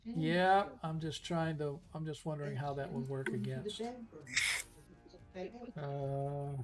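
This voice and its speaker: A man's voice: fairly high pitch, flat delivery, slow pace, over loud music. A man running an online tabletop game as game master, casual and hesitant, often laughing.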